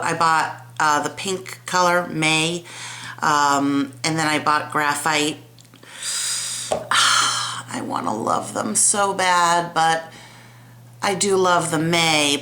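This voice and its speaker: A chatty woman reviewing makeup at home, speaking slowly in a fairly low, bright voice. She rambles, trails off and laughs at herself. A faint hum sits under the camera mic. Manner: chatty, rambling, self-deprecating, trails off and restarts. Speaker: beauty vlogger. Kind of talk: casual product review chat.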